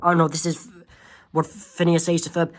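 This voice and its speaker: A man, host of his own channel, reading his homemade comic aloud, halting with fillers and self-corrections. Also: fairly high pitch, completely flat delivery.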